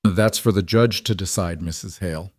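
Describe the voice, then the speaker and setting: A cold, blunt lawyer delivers his words with mock courtesy, as a narrator puts him on. The voice sits low and dry. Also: moderate pace, a little mellow, dry recording. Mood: smug. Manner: blunt, mockingly polite. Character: smug male lawyer, cold and mocking.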